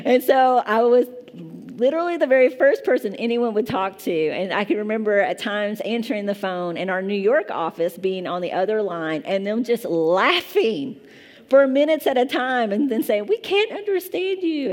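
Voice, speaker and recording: A woman pastor in her thirties, with a mid-range and slightly mellow voice, preaches a chatty, self-deprecating sermon. She speaks with a strong Eastern Kentucky accent.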